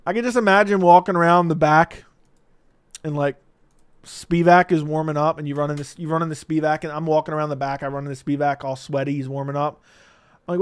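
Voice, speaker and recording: Hosting a live MMA stream, a man with a fairly high, steady voice reads out viewer comments, jokes with chat, and laughs a lot. He speaks at normal speed with long pauses, and the audio is clean studio sound with no room noise.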